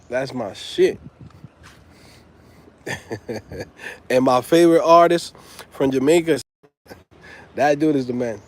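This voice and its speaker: A man's voice: mid-range voice, takes it slowly, pauses often. A man from New York with a New York accent, chatting casually on a livestream, slangy and laughing often. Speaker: host.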